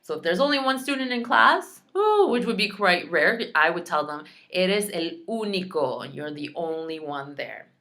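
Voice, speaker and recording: A woman teaching a recorded Spanish lesson, slowly drilling words and repeating each one, with chatty asides between drills. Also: lowish voice, sing-song, pushed and bright. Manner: slow, careful pronunciation drills, repeating each word.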